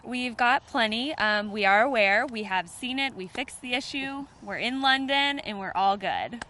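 A woman's voice: on the high side, lively intonation, moderate pace, sharp tone, a little hiss or hum. Cheerful Southern American woman, brief. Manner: light, cheerful, brief answers. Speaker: social media coordinator, guest. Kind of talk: casual podcast chat.

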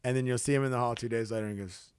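A chatty man co-hosts a podcast and tells stories with lots of energy. He jumps up high to act out the people in his stories and stumbles over his words as he goes. His voice sits in a middle range, and the recording is dry and close. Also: very fast, smooth, dry recording. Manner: animated storyteller, acts out quotes in a high excited voice, many restarts. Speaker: podcast co-host. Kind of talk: casual storytelling chat.

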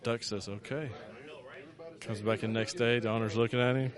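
A man's voice: lowish voice, flat delivery, fast talker. Laid-back man telling a joke. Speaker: interviewee. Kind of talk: casual chat, joke telling.

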